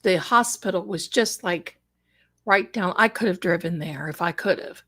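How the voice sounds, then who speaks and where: A woman's voice: lowish voice, normal speed, pushed and bright. A middle-aged woman telling a personal story on a live stream, acting out the voices of the people in it with emotion. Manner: emotional, acts out quoted voices. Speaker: psychic guest telling her story.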